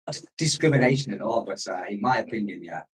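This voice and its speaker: A man's voice: on the low side, lively intonation, quick pace, distant mic, low-quality recording. A man hosting a casual livestream, rambling between stories and reading out viewer comments. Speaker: expat livestream host. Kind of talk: casual live-stream chat.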